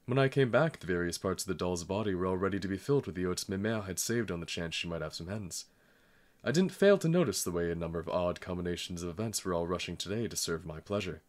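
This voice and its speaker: Deep-voiced man reading a novel. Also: lively intonation, quick pace. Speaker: audiobook reader. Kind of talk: scripted narration.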